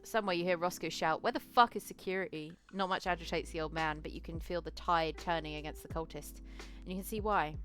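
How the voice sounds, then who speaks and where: A woman's voice: lowish voice, steady tone, fast, hardly any pauses, a bit bright, faint music behind. A woman narrating a solo tabletop role-playing game in a casual second-person style, correcting herself as she goes.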